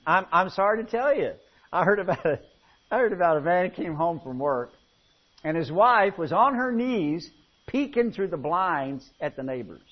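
A man from the United States preaching a sermon, folksy and animated, telling jokes between scripture. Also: high voice, normal speed. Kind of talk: sermon with humorous anecdotes. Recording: muffled lo-fi sound.

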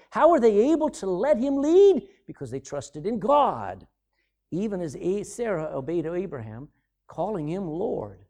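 A middle-aged man preaching a sermon as pastor, swinging from loud emphasis to sudden hushed drops. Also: high-pitched.

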